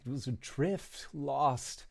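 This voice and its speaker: A man voicing a flirtatious male ship owner in a tabletop game, speaking softly and suggestively. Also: medium pitch, slow pace, gravelly.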